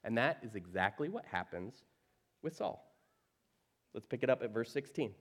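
A man preaching a sermon, telling a story with lively asides, quoted voices and laughs. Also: medium pitch, moderate pace. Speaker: pastor.

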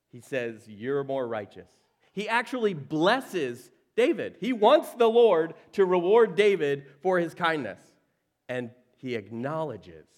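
A man preaching a sermon, telling a story with lively asides, quoted voices and laughs. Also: a little high. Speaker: pastor.

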